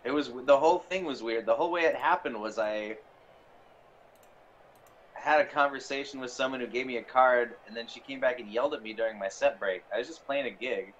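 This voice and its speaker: A man's voice: medium pitch, brisk. A man rambles through an anecdote in easy, casual chat, trailing off with fillers as he goes. The audio is dull and lo-fi, with a faint ambient hum underneath. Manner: rambling storyteller with fillers and laughs. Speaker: player. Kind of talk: casual chat while streaming a game.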